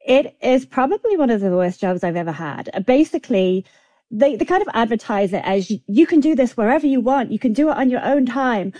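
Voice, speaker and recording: A woman's voice: a little high, animated, brisk, warm tone, no echo, highs cut off. Chatty woman guest with a dry sound. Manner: chatty, with many "like" and "kind of" fillers. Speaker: guest screenwriter. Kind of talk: interview answers.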